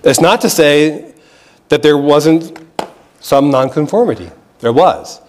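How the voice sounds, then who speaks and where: A man's voice: on the high side, animated, takes it slowly, a little hiss or hum. An American man giving a public history lecture in an earnest, explanatory way, often restarting phrases and checking in with the audience. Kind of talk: museum lecture. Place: lecture hall.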